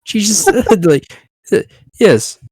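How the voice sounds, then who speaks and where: A man's voice: lowish voice, fairly even intonation, measured pace, no echo. A man chatting casually with friends during a tabletop game, talking in a loose, chatty way and laughing between lines.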